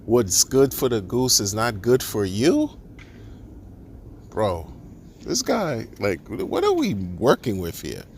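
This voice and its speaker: A man's voice: medium pitch, a bit bright, slight background noise. A man ranting in a monologue, exasperated and sarcastic, firing off rhetorical questions and restarting his sentences. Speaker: crypto commentator.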